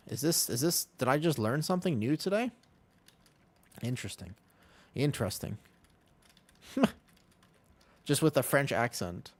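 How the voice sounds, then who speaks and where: A man's voice: medium pitch, big pitch swings, moderate pace, gravelly, no echo. A man streaming a game, chatting casually with his chat, joking and answering questions.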